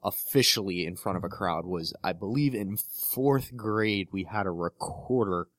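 A man's voice: deep voice, unhurried, fairly bright tone, no room sound, clean studio sound. A man co-hosting a podcast, easygoing and teasing, who laughs often in casual chat. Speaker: podcast co-host.

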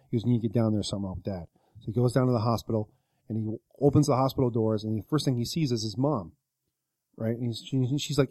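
A man talking fast in a mellow, dark tone, rambling through a long anecdote full of "like" and quoted lines. The sound is dry and close, like a small podcast studio. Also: mid-range voice, no echo. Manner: rambling retelling with many likes and quoted voices. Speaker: podcast co-host. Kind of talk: casual storytelling chat.

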